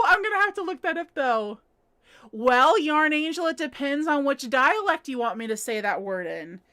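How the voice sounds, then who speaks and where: Giggly high-voiced woman streaming live. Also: bright, forceful tone. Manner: chatty, giggly, reads viewer comments aloud. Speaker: livestream host. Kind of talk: casual livestream chat while crocheting. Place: at home.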